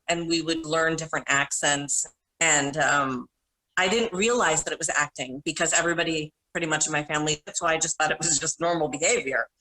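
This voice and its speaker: A middle-aged woman with a bright, forceful voice that sits a little low. She tells long, animated stories as a panel guest, often correcting herself mid-sentence. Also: poor audio. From Minnesota. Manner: rambling, self-correcting, animated anecdotes. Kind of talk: casual storytelling.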